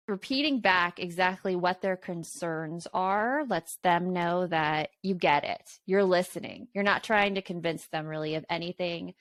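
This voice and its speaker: A woman's voice: fairly low pitch, unhurried, hardly any pauses, no room sound. A woman co-hosting a parenting podcast, talking earnestly in casual chat and laughing easily. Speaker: podcast co-host.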